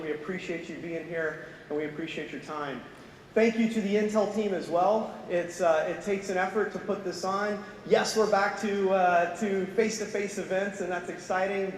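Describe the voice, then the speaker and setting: A man presenting at an industry event, upbeat and thankful as he introduces the next speaker. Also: high-pitched. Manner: upbeat, thankful, with filler "uh" restarts. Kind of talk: conference opening remarks. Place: large conference hall on stage. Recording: echoey hall, distant mic, faint noise.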